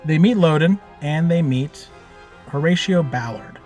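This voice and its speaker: A man telling the story of a tabletop game he ran as game master, in a loose, animated way with lots of fillers and casual swearing. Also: fairly high pitch, a little slow, soft background music.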